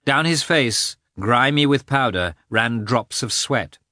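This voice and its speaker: A man reading a novel aloud as an audiobook narrator, with expressive, shifting inflection. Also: slow pace, dry recording, clean studio sound. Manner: reads with lively, expressive inflection, lifting pitch for characters' shouts. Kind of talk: scripted narration.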